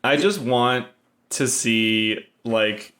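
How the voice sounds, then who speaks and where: A man's voice: medium pitch, extremely slow, a bit bright. A man guesting on a podcast in casual chat, with dry jokes and mock-formal asides.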